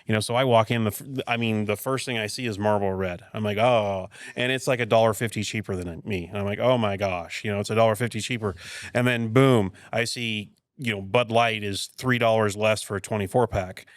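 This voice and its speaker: A man's voice: on the low side, fast talker, no echo. Dry-miked man telling retail stories. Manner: animated storyteller, rhetorical "right?" asides. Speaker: podcast host and retail veteran. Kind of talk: casual podcast chat.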